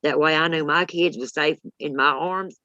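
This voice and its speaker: A woman's voice: low-pitched, normal speed, no echo, dull audio. A woman, telling a story in blunt, salty casual chat. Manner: blunt, salty, animated retelling.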